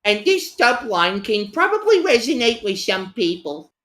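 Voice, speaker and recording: Casting: female riffer, bright, huge pitch swings, sarcastic. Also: very animated, measured pace. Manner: sarcastic, mock-quotes the characters. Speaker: co-host riffing on a movie. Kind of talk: casual movie-riffing chat.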